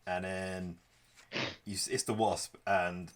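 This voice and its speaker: A man's voice: low voice, level tone, takes it slowly. A man co-hosting a podcast, recapping a comic in a laid-back way and quoting the characters. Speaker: podcast co-host. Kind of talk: casual chat recapping a comic.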